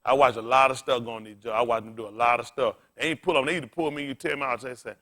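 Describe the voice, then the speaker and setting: A man's voice: mid-range voice, expressive, racing, few pauses, pushed and bright. A man preaching a sermon as pastor in a plain-spoken, folksy way, calling out to the congregation and asking it questions as he restates scripture.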